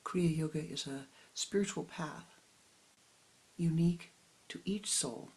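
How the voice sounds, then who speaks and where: A woman spiritual teacher telling a parable in a calm, soft-spoken way that often drops close to a whisper. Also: sits low, takes it slowly, husky, low-quality recording. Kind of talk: storytelling sermon.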